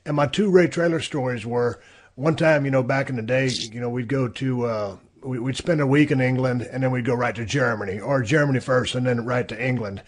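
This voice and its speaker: Husky-voiced man hosting a podcast. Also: medium pitch, fairly quick. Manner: laid-back, rambling, profane. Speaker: podcast host. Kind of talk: casual storytelling. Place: podcast studio.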